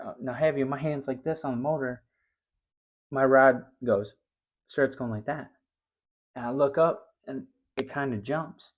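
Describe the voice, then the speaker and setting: A middle-aged man hosting a fishing show, telling a story casually and growing loud and high-pitched when he gets excited.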